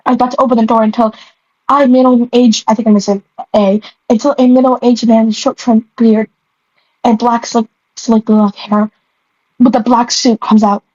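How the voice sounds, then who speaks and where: A woman's voice: a little high, little pitch movement, normal speed, a little mellow. A young woman reading her old story aloud and tripping over the words. She keeps stopping to mock her own writing. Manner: stumbling, self-mocking, breaks into giggles. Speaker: creator rereading her old stories. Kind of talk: reading aloud with comic asides. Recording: dull lo-fi, dry.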